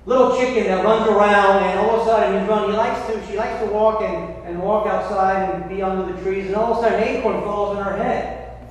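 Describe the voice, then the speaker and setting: A high-voiced male priest gives a homily, telling a fable with restarts and slowing down to stress his points. His voice carries through a big church with a long reverb, picked up from far off over faint room ambience. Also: steady tone. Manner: storytelling, with restarts and emphatic slowing. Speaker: Catholic priest. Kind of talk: sermon.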